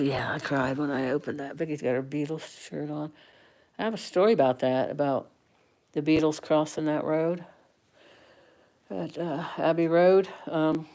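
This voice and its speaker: A woman in her sixties chatting casually to viewers on a livestream, rambling and chatty, full of fillers and restarts. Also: low voice. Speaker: livestream host.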